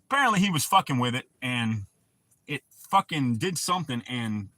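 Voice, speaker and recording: A man's voice: medium pitch, sing-song, moderate pace, pushed and bright, dry recording. A man hosting a livestream, telling profane, rambling stories in casual talk and answering his chat. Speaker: livestream host.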